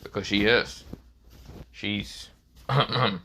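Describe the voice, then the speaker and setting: A man's voice: on the low side, fairly even intonation, very slow, creaky, sharp tone, a little hiss or hum, exaggerated voice. A man voicing a cold, harsh young male swordsman in a fan story, speaking in curt, blunt replies.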